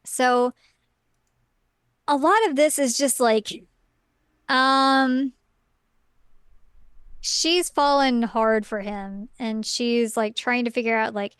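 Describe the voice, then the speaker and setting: A woman's voice: fairly high pitch, fairly even intonation, takes it slowly, pauses often, clear, resonant tone, dry recording. A woman co-hosting a podcast, casually recapping a story in a chatty way full of "like" and "um". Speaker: podcast co-host.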